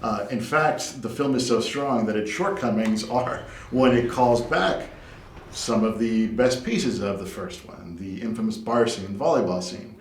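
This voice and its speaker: A man co-hosting a film podcast, reviewing movies in an articulate, measured way. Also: on the low side. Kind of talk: film review and casual chat. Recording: echoey room with faint noise.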